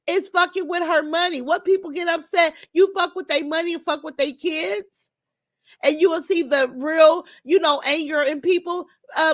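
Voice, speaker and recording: A woman's voice: sits high, a bit bright, no room sound. An older woman, hosting a livestream and reading chat comments, blunt and heated and swearing freely. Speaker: livestream host.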